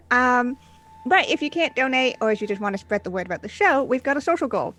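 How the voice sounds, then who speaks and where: An upbeat woman with a fairly high voice opens a tabletop game stream as its game master. She runs through announcements in a chatty way, peppered with filler sounds. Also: animated, fast talker, sharp tone.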